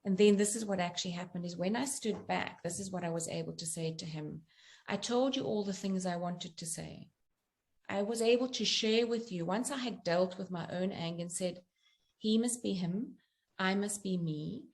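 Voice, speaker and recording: Gravelly-voiced woman, gentle and earnest. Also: on the low side, moderate pace. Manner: gentle, earnest, explains with examples. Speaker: guest author and coach. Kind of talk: reflective interview talk.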